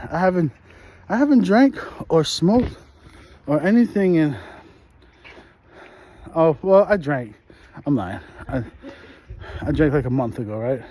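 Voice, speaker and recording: This vlog host, a man in his thirties with a New York accent, rambles in relaxed slang as he walks a residential street filming on his phone, laughing frequently. He has a mid-range voice with a darkish tone and a breathy edge.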